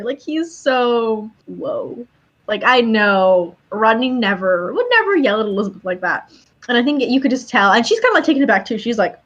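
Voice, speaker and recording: A woman co-hosting a fan podcast in casual chat, excitable, laughing often and acting out characters' lines. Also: fairly high pitch, moderate pace, lo-fi sound. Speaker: podcast co-host.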